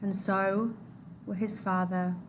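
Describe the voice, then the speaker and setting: A woman reading a novel aloud to a class, expressive, her voice dropping low and soft at the sad moments. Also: slow pace, a little hiss or hum.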